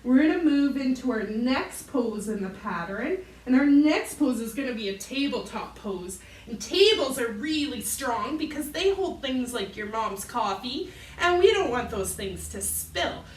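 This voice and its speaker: A woman's voice: fairly high pitch, expressive, unhurried, recorded from a distance. A woman leading a children's yoga class, playful and encouraging, making animal sounds for the kids. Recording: roomy echo, voice from off mic.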